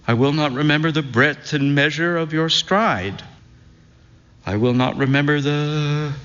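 A man reading literary fiction aloud in a slow, measured, reflective way, his voice at an ordinary pitch. The recording is dull and slightly muffled, and a long reverb trails behind each phrase. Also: fairly bright tone. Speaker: narrator.

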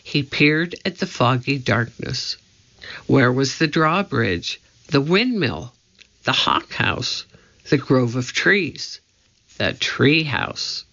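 A man narrating a children's storybook in a measured, suspenseful way. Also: mid-range voice, big pitch swings, bright, forceful tone. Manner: slow, measured, suspenseful reading. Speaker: audiobook narrator. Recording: dull lo-fi recording.

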